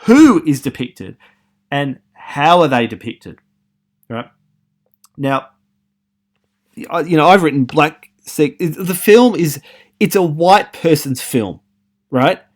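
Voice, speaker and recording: A man's voice: on the high side, expressive, slow, pauses often. A man from Australia giving a recorded film studies lecture, posing many rhetorical questions with frequent ums and restarts.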